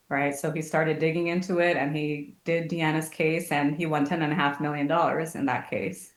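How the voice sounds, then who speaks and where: A woman's voice: low-pitched, normal speed. A woman, a guest family advocate, telling stories in a casual podcast interview and acting out the people she quotes. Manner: animated storytelling, acts out quotes. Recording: echoey room.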